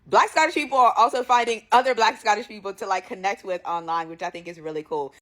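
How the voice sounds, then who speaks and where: Quick, articulate American woman. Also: medium pitch, fairly bright tone. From United States. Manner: measured, articulate. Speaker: content creator. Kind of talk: reflective commentary.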